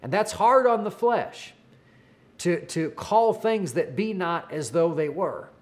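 A man's voice: sits high, lively intonation, slow. A man preaching a sermon, telling a story earnestly and often repeating his words.

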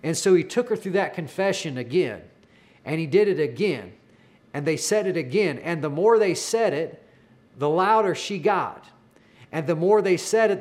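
Male preacher, slightly high voice, earnest storytelling sermon with stumbling repeats.

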